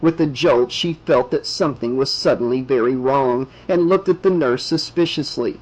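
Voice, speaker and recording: A man narrating an audiobook in a measured, steady reading voice. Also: mid-range voice, poor audio.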